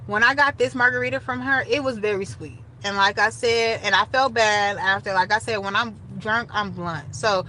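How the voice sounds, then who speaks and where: Bright-voiced young woman telling a story. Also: mid-range voice, normal speed, hardly any pauses, slight background noise, poor audio. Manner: animated, talks straight to viewers. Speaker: storytime vlogger. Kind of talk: casual storytelling to camera.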